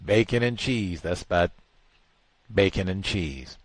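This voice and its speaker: A man hosting a talk show, giving casual, exasperated commentary that swings from low mutters to incredulous high outbursts. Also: expressive, a little slow, husky, dry recording.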